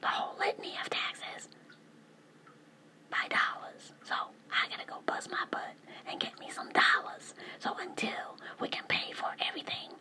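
A woman talking in a whisper, rambling from one thought to the next and asking rhetorical questions. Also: normal speed. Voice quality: mostly whispered. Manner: rambling, jumps between topics, asks rhetorical questions.

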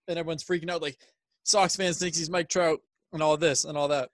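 A man's voice: on the high side, fairly even intonation, a little fast, fairly bright tone, no room sound. A man co-hosting a sports podcast in casual chat, rambling with lots of filler words. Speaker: podcast co-host.

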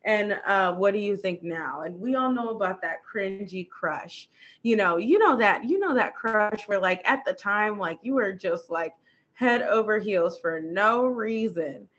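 A woman's voice: medium pitch, lively intonation, measured pace, fairly bright tone, highs cut off. A young woman co-hosting a podcast, chatting casually, laughing often and swearing freely. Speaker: podcast co-host. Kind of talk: casual chat.

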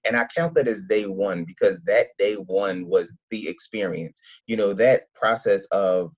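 A man tells loose, animated stories in casual conversation, slipping into the voices of people he quotes. His voice sits low and sounds husky. The recording is muffled and lo-fi. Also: a little slow. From Philadelphia. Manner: rambling, animated storytelling with acted-out quotes. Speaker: guest. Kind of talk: casual interview chat. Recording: dull lo-fi sound.

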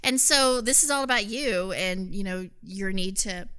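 A woman co-hosting a podcast with a bright, clear voice that sits in a middle pitch range. She chats casually and playfully, teasing her co-host and laughing easily. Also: normal speed. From United States. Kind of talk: casual chat.

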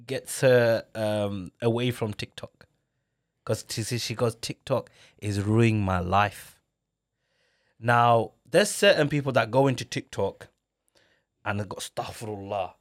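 Casting: man, podcast host, animated and slangy, mid-pitched. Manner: animated storyteller, slangy, quick laughs. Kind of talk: casual podcast chat.

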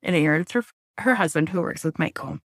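A woman's voice: low-pitched, lively intonation, no room sound, studio quality. Candid, emotional woman in her thirties. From Southwest Florida, USA. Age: 30s. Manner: candid and emotional, halting restarts, blunt swearing. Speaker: interview guest. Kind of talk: personal storytelling in a podcast interview.

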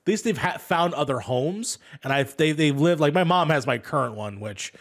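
A man's voice: a little high, expressive, moderate pace, fairly bright tone. Blunt, casual man co-hosting a chat. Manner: casual, blunt, swears freely. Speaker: podcast co-host.

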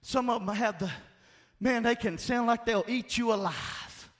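A man preaching a sermon, emphatic and call-and-response, often shouting his points. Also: extremely high pitch, measured pace.

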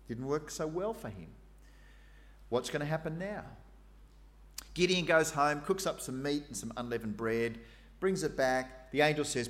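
A man preaching a sermon in a conversational way, acting out the quoted voices with asides. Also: mid-range voice. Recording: long hall reverb.

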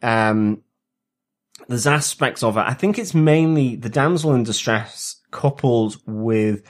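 A man's voice: medium pitch, slow pace. A man co-hosting a TV review podcast, talking casually and hesitantly, with many fillers and restarts. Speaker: podcast co-host.

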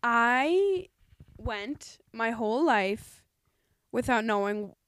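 A woman's voice: fairly high pitch, animated, drawn-out words, fairly bright tone, smooth, dry recording. A young woman in casual chat, talking earnestly and rambling with lots of "like"s.

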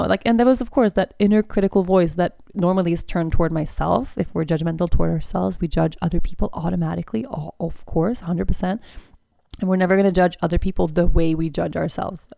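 On the low side, her voice is gravelly and mellow, captured in a dry, studio-quality recording. The woman hosts a podcast of casual personal chat, speaking candidly and chattily with lots of "like" and "you know."

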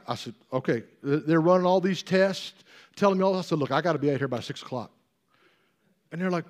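High-voiced preaching man. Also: a little fast. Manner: emphatic preaching, repeats phrases, swells to shouting. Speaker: pastor. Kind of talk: sermon.

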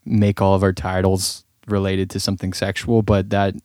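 Low-voiced joking podcast man. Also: monotone, moderate pace, a little mellow, no echo, clean studio sound. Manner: joking, playful, laughs often. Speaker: podcast co-host. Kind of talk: casual podcast banter.

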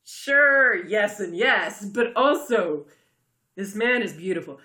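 A woman co-hosting a relaxed chat, talking with a giggly, loose energy and the odd swear word. Her voice is bright and sharp. The room around her adds a noticeable echo. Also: medium pitch, slow pace. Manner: chatty, giggly, casual swearing. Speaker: podcast co-host. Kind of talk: casual chat recapping a TV episode.

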